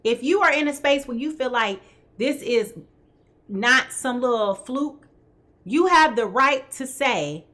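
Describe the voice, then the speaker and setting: A woman's voice: high voice, expressive, slow pace, pushed and bright. A woman hosting a live tarot reading who talks straight to her viewers and keeps checking in with "okay?". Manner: talks straight to viewers, greets them by name. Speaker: tarot reader host.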